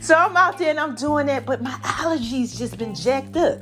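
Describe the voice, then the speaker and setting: Lively woman podcast host, "baby" and "y'all". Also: high-pitched, soft background music. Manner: animated, drawn-out preacher-like delivery with "baby" and "y'all". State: voice a little strained from allergies. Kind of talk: solo podcast talk.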